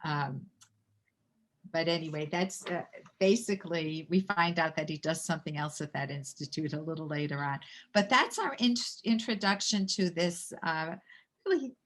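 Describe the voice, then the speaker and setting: A woman with a voice a little lower than most, co-hosting a relaxed podcast. She reads passages from a novel aloud, then breaks off to comment in plain conversational speech, often correcting herself mid-phrase. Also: normal speed. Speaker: co-host reading and discussing a novel. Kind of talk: casual podcast discussion with read-aloud passages.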